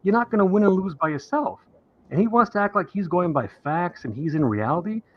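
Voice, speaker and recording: A caller on a live-streamed talk show argues in an aggrieved, lecturing tone, mimicking the people he quotes in a higher voice. He's expressive and brisk, and the dull lo-fi stream audio carries slight background noise.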